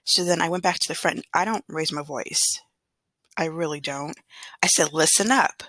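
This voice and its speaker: A woman from Southern California chats casually about her work as a substitute teacher. Her voice is bright and slightly husky, and she rambles with plenty of fillers. The sound is dry and close. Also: low-pitched, steady tone, moderate pace, no room sound. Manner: chatty, rambling, with fillers and throat clearing. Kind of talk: casual storytelling vlog.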